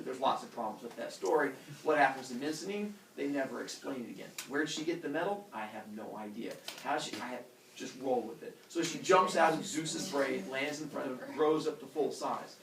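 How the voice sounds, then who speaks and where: A male teacher retelling a myth to his class in a casual, animated way, full of fillers and sound effects. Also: mid-range voice, fairly quick, creaky, slight background noise. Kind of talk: storytelling lesson. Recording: roomy classroom from far off.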